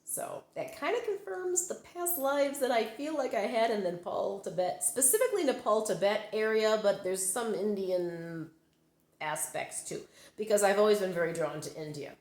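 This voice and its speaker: A psychic medium vlogger tells rambling personal stories into the phone in her hand, full of fillers and self-corrections. Her mid-range voice is darkish with lively intonation, at a moderate pace, and the sound is roomy.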